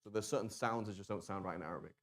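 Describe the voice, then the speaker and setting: Here a male Arabic teacher with a lowish voice gives a relaxed classroom lesson. He chats along with many fillers, frequently breaks off to pronounce words slowly, and keeps starting sentences over.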